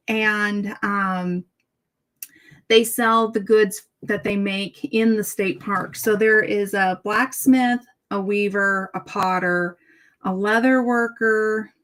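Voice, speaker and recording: Middle-aged woman chatting away, tells a story and does the voices, pretty animated. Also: medium pitch. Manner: chatty and animated, acts out dialogue with shifts in tone. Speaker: host. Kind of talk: casual storytelling chat.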